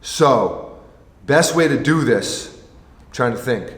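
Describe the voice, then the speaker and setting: A man's voice: medium pitch, animated, slow pace. A man who hosts a sneaker vlog, talking casually and rambling with jokes and restarts. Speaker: sneaker vlogger. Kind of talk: casual chat. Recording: roomy echo with long reverb.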